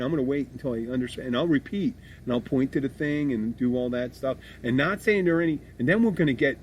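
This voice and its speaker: A middle-aged man co-hosting a podcast, chatting casually in a rambling, animated way and swearing freely. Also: medium pitch, a little hiss or hum. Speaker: podcast co-host. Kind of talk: casual chat.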